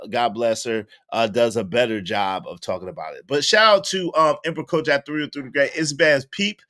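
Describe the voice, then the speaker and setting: A man hosting casual commentary, recapping a book and acting out the people in it with lively storytelling. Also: mid-range voice. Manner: animated storytelling, acting out quoted voices. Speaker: host.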